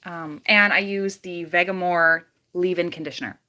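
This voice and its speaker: Her lowish voice is pushed and bright, with fairly even intonation at normal speed. She's a young Canadian beauty vlogger on a livestream, curling her hair, reading out comments, and chatting casually between steps.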